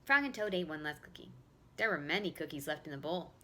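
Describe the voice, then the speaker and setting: Woman preschool teacher reading a storybook at home, bright and very animated, talks to the kids. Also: deep voice, fast. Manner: warm, expressive, talks to young children.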